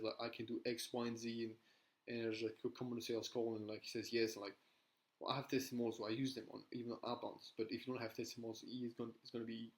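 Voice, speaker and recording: A man's voice: mid-range voice, darkish tone, rough recording. A young man coaching on sales in a casual, rambling way, tagging points with "right?" and restarting his sentences. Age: young adult. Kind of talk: casual talking-head advice.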